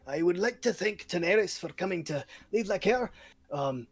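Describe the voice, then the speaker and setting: A man's voice: high-pitched, lively intonation, moderate pace, dry recording, voice pushed up. A man voicing a short, fat, nosy lord who questions a guest in a tabletop game. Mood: prying.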